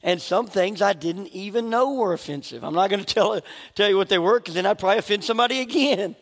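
Fast and high-voiced with a fairly bright tone, a middle-aged man preaches in a church. His sermon is conversational and self-deprecating, with jokes and laughter at himself, and the large sanctuary leaves a long reverb on the recording.

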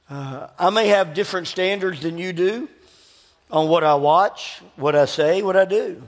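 A man delivers a sermon and works a personal story into it. He acts out both sides of each exchange in an animated way. His voice sits high for a man, and it carries a long reverb from the hall. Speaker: pastor.

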